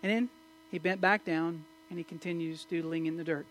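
A man preaching a sermon, swinging from loud emphatic questions to low, quiet asides. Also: steady tone, brisk. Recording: mains hum in the background.

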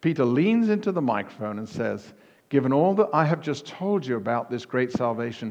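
A man preaching a sermon as pastor, emphatic, with punchy repetition that rises to near-shouts on key words. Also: mid-range voice, expressive, fairly quick, muffled recording. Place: church hall. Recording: long reverb of a church hall.

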